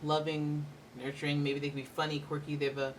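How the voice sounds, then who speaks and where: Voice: medium pitch, level tone, quick pace, distant mic, a little hiss or hum. A tarot reader giving a casual, rambling reading with playful asides.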